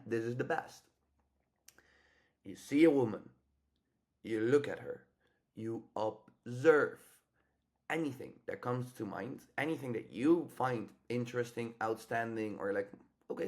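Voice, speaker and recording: A man talking through dating advice in a loose, unscripted coaching style. He is blunt and profane, and he slips into quick acted snippets of what to say. His voice sits at an ordinary middle pitch. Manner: blunt, profane, acts out example lines. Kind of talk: casual coaching monologue.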